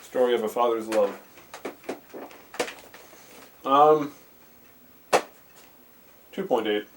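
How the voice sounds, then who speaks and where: A man's voice: mid-range voice, drawn-out words. A man vlogging about VHS movies, rambling with lots of fillers and restarts, recorded on a camcorder in his bedroom. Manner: rambling, filler-heavy, self-interrupting. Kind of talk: casual rambling movie talk. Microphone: handheld camcorder mic. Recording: faint hiss from a camcorder.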